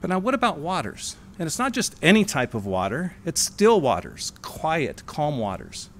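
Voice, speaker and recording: A man giving a sermon in a church, stressing single words and slowing on key phrases. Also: on the high side, sing-song, slight background noise. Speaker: sermonette speaker. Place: church hall.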